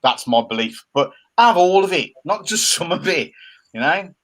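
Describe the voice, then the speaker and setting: A middle-aged man, co-hosting a casual chat show from home and given to animated, jokey rants. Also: on the high side, normal speed. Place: home room by a window. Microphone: laptop camera.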